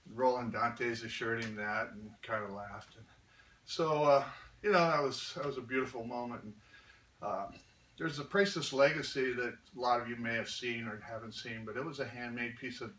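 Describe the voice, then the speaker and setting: A man's voice: medium pitch, normal speed. A man, a martial arts instructor and knife maker, telling a story in a chatty way with many fillers. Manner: chatty, animated, hesitant with fillers. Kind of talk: anecdotal storytelling. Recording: echoey room from far off with faint noise.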